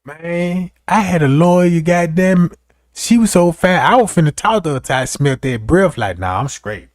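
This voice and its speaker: A man's voice: sits high, moderate pace, dry recording, clean studio sound. A young man telling a comic story, talking loosely and profanely and often checking in with the listener. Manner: animated, profane, keeps asking "you know what I'm talking about". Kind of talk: comedic storytelling.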